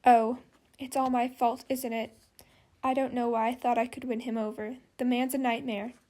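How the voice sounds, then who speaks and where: A harried young woman in charge of an institute, fretful and exasperated, as a woman reads her. Her voice sits a little high, with gravelly edges as she pours out her worries. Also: steady tone, moderate pace, a little mellow.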